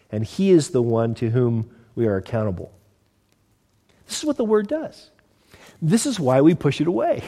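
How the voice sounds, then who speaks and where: A male pastor with a high-pitched voice gives a conversational sermon and acts out short everyday scenes. His words carry a long reverb from a large hall. He talks straight to the people in front of him. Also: darkish tone.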